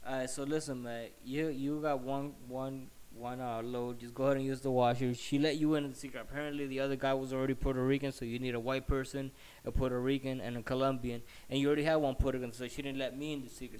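A man's voice: mid-range voice, little pitch movement, quick pace, a little mellow, clear, resonant tone. A man telling a story in a heated, profane, rambling rant while slightly sick.

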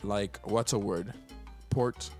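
A man from Puerto Rico, co-hosting a casual podcast chat and talking in an animated way. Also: fairly low pitch, takes it slowly, soft background music. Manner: animated, jumps into mocking parent voices. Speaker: podcast co-host.

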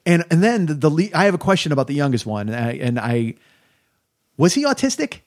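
A man co-hosting a podcast, excitedly retelling film scenes in casual conversation. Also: a little high, brisk. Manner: excited, animated retelling with acted-out quotes. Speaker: podcast co-host.

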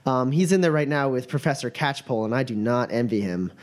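A man's voice: mid-range voice, lively intonation, fairly quick, close to an everyday voice. A man voicing a nervous, stammering young satyr woman student, eager and polite.

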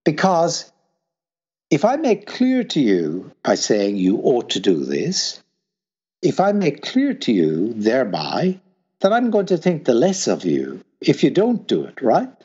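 A man with a husky voice explains ideas in a lively, swooping way, his pitch rising high when he acts out urging someone on. The recording sounds dull and lo-fi. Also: unhurried. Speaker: guest philosopher. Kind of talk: explanatory conversation.

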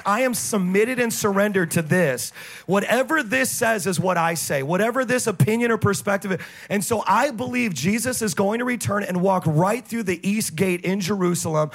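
A man with a notably high voice delivers a sermon as a pastor. He is fervent and bursts into shouts on his biggest claims, then slips into quick, conversational asides. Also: expressive. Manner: fervent, swings between loud exclamations and quick asides.

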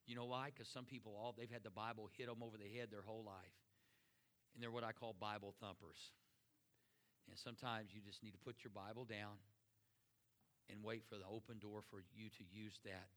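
A middle-aged pastor speaking in an earnest, conversational sermon style, often easing into soft, slow words and prayer. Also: male voice, lowish voice, level tone.

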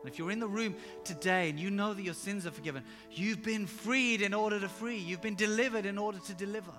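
A man preaching a sermon with personal stories, emphatic and animated, sometimes rising to loud exclamations. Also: high voice, quick pace. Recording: reverberant hall with music underneath.

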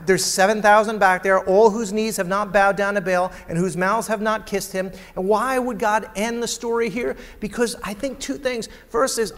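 A man preaching a sermon as a pastor, swinging dramatically between loud and hushed delivery. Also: high-pitched, fairly even intonation, moderate pace, few pauses. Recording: long hall reverb.

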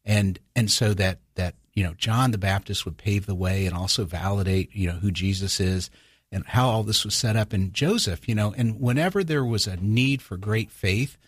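A man in a relaxed faith conversation, telling stories with frequent restarts and quoting others in lifted voices. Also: on the low side, moderate pace, breathy edge, dry recording, studio quality. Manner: storytelling, many restarts, acts out quoted voices.

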